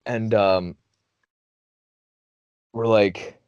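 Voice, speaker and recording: A man's voice: on the low side, very slow, smooth, no echo, dull audio. A young man hosting a podcast, telling a funny story casually, cursing often and laughing as he goes. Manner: laughing, profane, animated storytelling. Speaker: podcast host.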